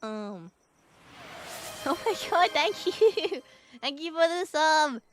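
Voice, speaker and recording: A woman's voice: sits high, very animated, slow pace, a bit bright, a little hiss or hum. A young woman streamer chatting casually with viewers. She giggles often, thanks them for donations and swears offhandedly. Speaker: VTuber streamer.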